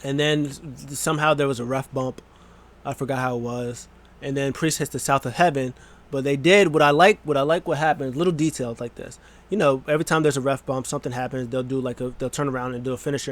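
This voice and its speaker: This young guy runs a wrestling vlog and speaks in a mid-range voice. His recaps are loose, excited and wandering, broken up now and then by brief goofy voices.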